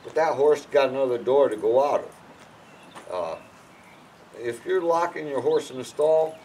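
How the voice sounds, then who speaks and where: A man's voice: moderate pace, slight background noise, low-quality recording. A man giving casual horse-training advice in a blunt, emphatic way, often restarting his sentences. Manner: lively, swinging from low mutters to loud bursts. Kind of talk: casual instructional talk.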